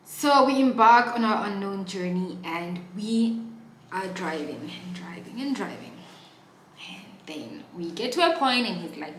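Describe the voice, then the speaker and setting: A woman's voice: mid-range voice, lively intonation, a little slow, slight background noise. Young woman vlogger, dramatic storyteller with big swings in volume; a roomy, echoey sound with faint ambience behind. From Namibia. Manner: dramatic, swings from hushed asides to loud exclaiming. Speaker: YouTuber telling a story. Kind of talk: animated storytime vlog.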